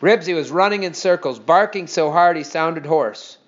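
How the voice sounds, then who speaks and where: Male narrator reading a children's story, fairly high voice, dull lo-fi recording. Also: moderate pace. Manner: steady expressive storytelling.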